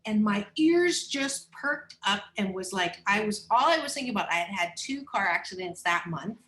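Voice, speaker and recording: A woman who is a psychologist and coach, a guest on a podcast interview, telling personal stories in a candid, animated, expressive way. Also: mid-range voice, moderate pace, roomy sound. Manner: animated, expressive, acts out voices, laughs often.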